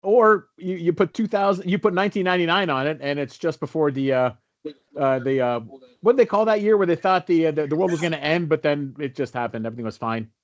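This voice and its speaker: A man's voice: on the high side, fast talker. A man with a slightly raised voice co-hosts a charity livestream, laughing a lot and calling on listeners in a jokey, rallying way. His audio sounds a little dull. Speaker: charity stream co-host. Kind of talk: joking livestream chat.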